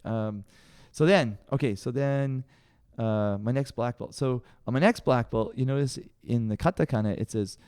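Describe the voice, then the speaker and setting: A man's voice: mid-range voice, normal speed, few pauses, clean tone, no room sound, clean studio sound. A Canadian man co-hosting a podcast, telling stories in a casual chat and acting out voices with lots of laughter. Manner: animated, acts out quoted voices, laughs often. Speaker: podcast co-host.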